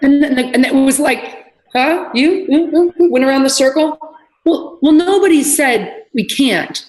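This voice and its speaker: A middle-aged woman, a fitness trainer, telling lively stories in a casual podcast chat and acting out what people said. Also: sits high, unhurried, poor audio. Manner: animated storyteller, acts out quotes.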